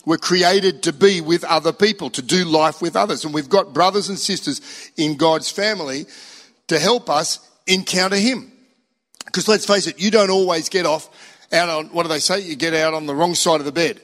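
An older man preaching a sermon as pastor, animated, acting out inner voices and a song leader. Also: fairly high pitch, moderate pace. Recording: long hall reverb.

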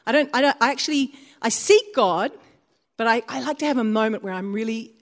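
A woman preaching a sermon in a church, in a fairly high voice. She tells stories with animated swings of pitch and often laughs. Her delivery is personal and conversational. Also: fast talker.

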